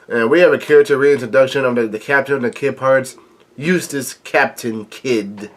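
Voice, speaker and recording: A man with a stuffy nose, casually reading manga panels aloud in a halting way, adding blunt remarks as he goes. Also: mid-range voice, steady tone. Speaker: manga reaction video host. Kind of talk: casual read-along commentary.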